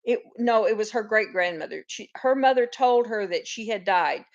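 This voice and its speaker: A woman's voice: medium pitch, animated, moderate pace, muffled recording. A woman hosting a casual live chat, telling long rambling stories and greeting viewers by name. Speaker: host of a live farm chat.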